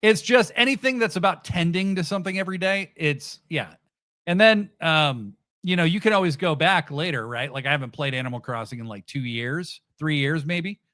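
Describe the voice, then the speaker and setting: A man's voice: on the high side, a bit bright, dry recording, clean studio sound. A middle-aged man hosting a podcast, chatting casually and sarcastically with many fillers and restarts. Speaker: podcast host. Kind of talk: casual livestream chat, reading chat comments.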